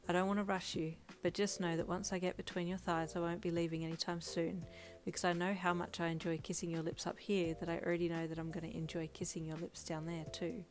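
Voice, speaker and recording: A woman voicing a calm, earnest young man in a gentle, soft-spoken way while reading a fan fiction aloud. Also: fairly low pitch, fast talker, close to an everyday voice. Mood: tender.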